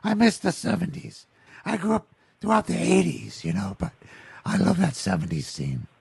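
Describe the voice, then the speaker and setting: Male podcast co-host, high voice, very gravelly and bright, joking asides. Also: wildly swooping pitch. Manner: quick, joking interjections. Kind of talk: casual podcast chat.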